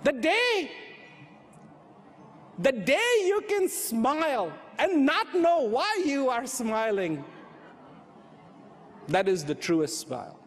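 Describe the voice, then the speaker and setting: A man giving an inspirational talk on inner peace, slow and reflective, repeating phrases for emphasis. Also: very high voice, very animated, a little hiss or hum. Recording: hall reverb with faint ambience.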